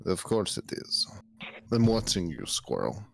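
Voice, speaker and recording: Laughing, animated man at a game table. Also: low voice, a little slow, vocal fry, slight background noise. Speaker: player. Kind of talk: casual tabletop game play, in and out of character.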